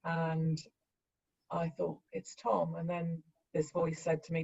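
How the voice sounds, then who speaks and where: A woman's voice: sits low, completely flat delivery, vocal fry, a little mellow, slightly rough, dull audio. Woman telling a personal story. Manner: earnest, halting, acts out quoted dialogue. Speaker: bereaved mother sharing her story.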